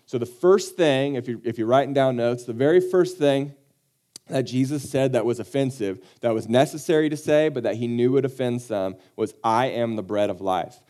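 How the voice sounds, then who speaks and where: A man's voice: mid-range voice, normal speed, warm tone. A man pastor giving a casual, conversational sermon with joking asides, acting out the people he quotes.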